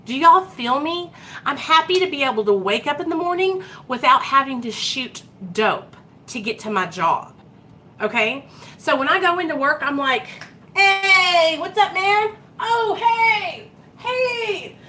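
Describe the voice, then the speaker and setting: A woman talks straight to her viewers in a recovery vlog, animated and earnest. Her voice is bright and a little high. A faint hiss of room noise sits under it. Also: normal speed. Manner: earnest and animated, addressing viewers directly as "you guys". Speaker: recovery vlogger. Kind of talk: casual livestream-style talk to viewers.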